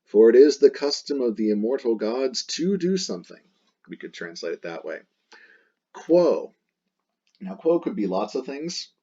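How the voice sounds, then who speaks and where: A man's voice: mid-range voice, animated, moderate pace, dark tone, breathy edge, highs cut off. A man teaching a Latin text in a chatty, playful way, repeating and rephrasing as he explains.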